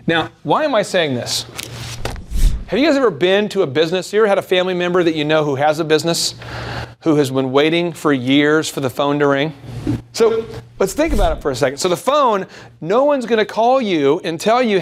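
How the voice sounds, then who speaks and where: A man's voice: fairly high pitch, lively intonation, brisk, slight background noise. A man coaching a live workshop audience, emphatic and repeating key points with rhetorical questions. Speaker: business coach. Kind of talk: motivational workshop talk.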